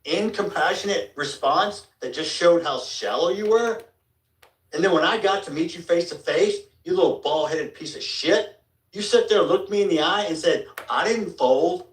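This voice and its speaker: A father speaking angrily to school officials, bitter and accusing, heard from a distance in a large meeting hall. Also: normal speed. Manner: bitter, accusing, low and heavy delivery. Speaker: father addressing a school board. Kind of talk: angry public speech. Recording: echoey room picked up from a distance.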